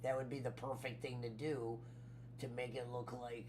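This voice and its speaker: A man chatting on a podcast, animated and quick to laugh. He stumbles and repeats himself as he tells stories. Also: mid-range voice, slight background noise. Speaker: podcast host. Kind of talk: casual chat.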